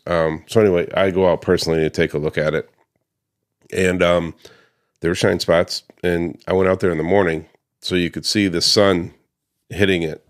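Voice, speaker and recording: Man, very low voice, gravelly, casual storytelling, acts out quotes, lots of ums. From United States. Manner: conversational, acts out quoted customers, frequent ums and restarts. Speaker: paver restoration business owner.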